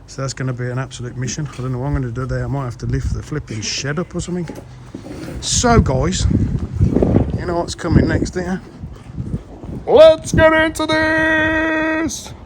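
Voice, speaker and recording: A man's voice: mid-range voice, fast talker, very noisy. A man vlogging outdoors on a building site. He talks casually to viewers as he works, with mild swearing. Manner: chatty, mild swearing, calls viewers guys. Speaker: pond builder vlogging his project. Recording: music playing underneath.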